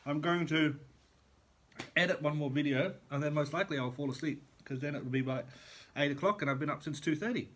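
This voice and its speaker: A man's voice: a little high, fairly quick, fairly bright tone, a little hiss or hum. A middle-aged man, a chef, chatting casually in a vlog from a hotel room, rambling and eating as he talks. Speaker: chef vlogger.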